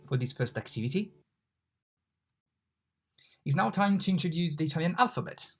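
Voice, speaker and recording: A teacher with a mid-range voice leads an online Italian class, patiently pronouncing individual letters at a slow pace and saying words over again.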